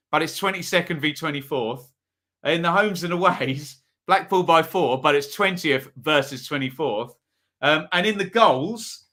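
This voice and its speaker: A football preview host runs a live predictions stream, his voice on the high side, bright and forceful. He chats casually, asks the chat for their predictions, and reads viewers' comments aloud.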